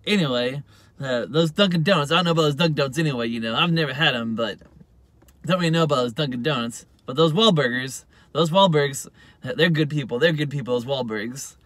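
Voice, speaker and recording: Man, phone vlogger, rambling filler-heavy chat; bright, slightly high voice. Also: fast talker, dry recording. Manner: rambling, heavy use of "you know" fillers. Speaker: YouTube vlogger. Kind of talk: casual rambling monologue to camera.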